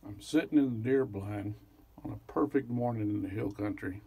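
A hunter outdoors in a deer blind, telling a story to camera in a low-key, dry way. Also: male voice, normal speed, dark tone, slightly rough.

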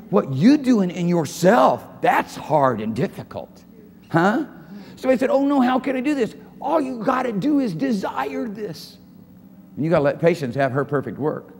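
Impassioned high-voiced male pastor preaching. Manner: impassioned, swings from soft to shouting, repeats phrases. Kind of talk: live church sermon. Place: church sanctuary. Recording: church hall reverb, faint room noise.

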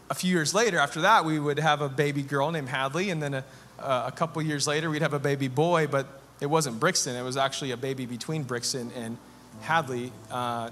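A man's voice: fairly high pitch, pushed and bright, a little hiss or hum. A man in his thirties preaching a sermon as pastor, earnest and building to fervent, repeated phrases. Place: church sanctuary. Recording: long church hall reverb with music behind.

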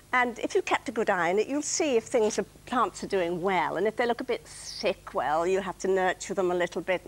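An older woman chatting about gardening and reciting her own comic poems with playful timing as a studio guest. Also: medium pitch. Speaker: dictionary corner guest reading poems. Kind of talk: light chat and poetry reading. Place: television studio.

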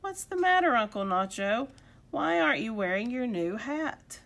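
A woman's voice: a little high, sing-song, moderate pace, gravelly, fairly bright tone, heavily acted. A woman voicing a clever, cheerful schoolgirl in a storybook read-aloud. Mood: caring.

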